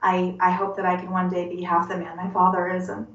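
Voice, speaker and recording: A woman in her forties giving a personal testimony in an interview, halting and earnest, often repeating words as she searches for them. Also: on the low side, completely flat delivery, a bit bright. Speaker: interview guest. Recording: roomy, distant and dull-sounding.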